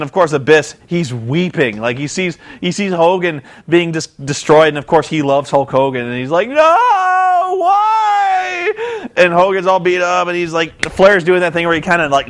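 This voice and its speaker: A man rambling through a casual recap of a wrestling show, animated and loose, often breaking into shouted impressions. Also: fairly high pitch, fairly quick.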